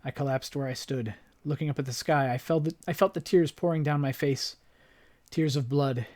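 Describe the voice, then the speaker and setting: A man hosting a gaming channel, reading story text from the game aloud in a dramatic, expressive way. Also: a little high, moderate pace.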